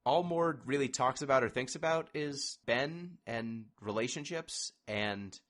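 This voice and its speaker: A man's voice: medium pitch, a little slow, fairly bright tone. A man hosting a casual podcast chat about a video game, wry and discursive as he steers the talk. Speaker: podcast host.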